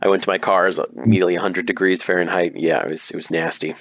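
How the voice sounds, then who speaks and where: A man's voice: sits low, steady tone, rapid-fire, a bit bright. A man from the United States hosting a casual podcast chat, joking, laughing often and rambling loosely. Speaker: podcast host.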